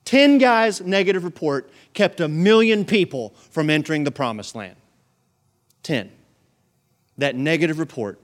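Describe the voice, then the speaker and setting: A man's voice: on the high side, animated, a little slow. A male pastor delivering a sermon, preaching emphatically with repeated phrases and big swings in volume.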